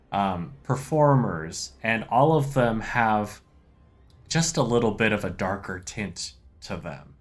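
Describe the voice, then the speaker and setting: Male game master, low voice, leisurely descriptive narration. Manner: relaxed, unhurried descriptive narration.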